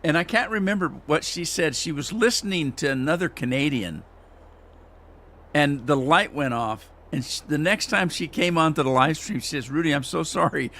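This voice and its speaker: A man's voice: on the high side, animated, normal speed, a bit bright. A man chatting casually as he plays a farming game on a live stream, rambling and teasing himself as he goes. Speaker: gaming streamer. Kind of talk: casual gameplay commentary.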